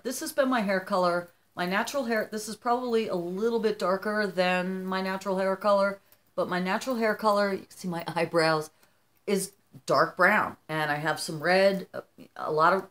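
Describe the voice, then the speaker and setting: A woman in her fifties chatting casually to her viewers at home, animated and talkative, often calling them "you guys". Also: fairly low pitch. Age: 50s. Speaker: vlogger. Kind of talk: casual chat to camera.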